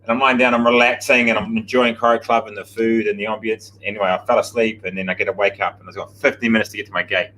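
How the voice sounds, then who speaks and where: A man, chatting casually and telling a rambling, animated anecdote on a breakfast show. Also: lowish voice, quick pace, hardly any pauses, slight background noise, rough recording. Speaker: gym coach on breakfast show. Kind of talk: casual storytelling banter.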